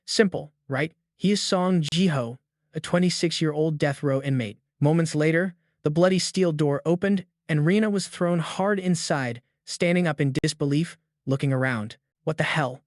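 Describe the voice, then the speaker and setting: A man narrating a scripted comic recap in a steady storytelling voice. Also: on the high side, normal speed, no room sound, clean studio sound.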